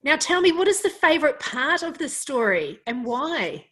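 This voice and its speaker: Woman, interviewer, enthusiastic, complimentary, slightly high voice. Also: sing-song, moderate pace, pushed and bright, low-quality recording. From Australia. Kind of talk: interview hosting.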